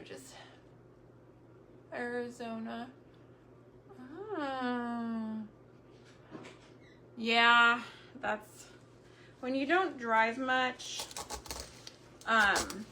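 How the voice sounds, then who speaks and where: A chatty middle-aged woman with a drawl talks her way through a homemaking livestream. Her voice is bright and a little high, and it is slightly hoarse. A faint hiss sits under the recording. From Texas. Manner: chatty, warm Southern drawl with frequent fillers and word searches. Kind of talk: casual livestream chat.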